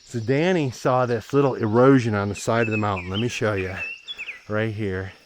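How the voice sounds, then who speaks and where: A man's voice: lowish voice, fairly even intonation, moderate pace, background noise. A man hosting a travel vlog, chatting casually and with enthusiasm to the camera as he walks a mountain trail. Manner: easygoing, chatty, enthusiastic about the sights. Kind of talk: casual walking narration to camera.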